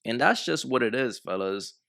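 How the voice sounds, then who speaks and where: A man's voice: mid-range voice, lively intonation, moderate pace, creaky, bright, forceful tone. A man hosting a reaction channel, giving blunt, mocking commentary on a clip and talking straight to his viewers. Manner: blunt, mocking, talks to the fellas.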